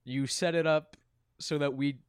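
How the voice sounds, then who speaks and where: Male podcast host, slightly high voice, dry close sound, swears freely and jokes around. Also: steady tone, measured pace, clear, resonant tone, no echo. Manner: loose, profane, jokey banter. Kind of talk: casual chat.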